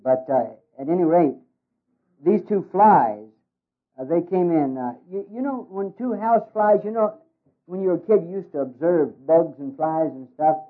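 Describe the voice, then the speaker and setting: A man's voice: a little high, lively intonation, unhurried. Folksy man speaking over a tinny line. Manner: folksy, hesitant with many uh's. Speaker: ministry worker giving a talk. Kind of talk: humorous speech with jokes. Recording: tinny phone-like radio recording.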